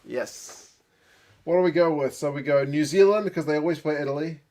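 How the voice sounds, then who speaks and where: A man's voice: on the high side, normal speed, a little mellow. A man giving live reaction commentary, thinking aloud with gasps and exclamations, tired late at night. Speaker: rugby channel host.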